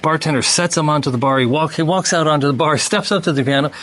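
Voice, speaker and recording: A man's voice: on the high side, a bit bright, a little hiss or hum. Rambling man telling a long joke. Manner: rambling storyteller, quick bursts. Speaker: host. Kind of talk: casual chat and joke telling.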